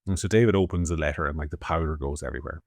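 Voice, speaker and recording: This Irish podcast co-host has a very deep voice and a rapid-fire delivery. He gives opinionated political commentary in a sardonic tone, swearing freely and swinging from loud to soft. The recording is dry and studio quality.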